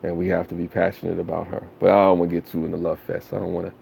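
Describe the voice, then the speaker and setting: A man's voice: deep voice, completely flat delivery, racing, creaky, a little mellow, a little hiss or hum. A man chatting casually with viewers on a live stream, laid-back and slangy, rambling with lots of fillers.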